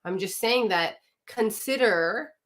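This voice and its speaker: Woman coach, mid-pitched, direct and emphatic, live talk to women, throws questions at the audience. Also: takes it slowly. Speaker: marriage coach.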